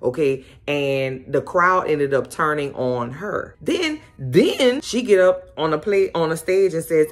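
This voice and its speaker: A woman hosting a casual recap of a TV episode, telling it in a sassy, animated way full of exclamations. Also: deep voice, a little slow. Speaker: host.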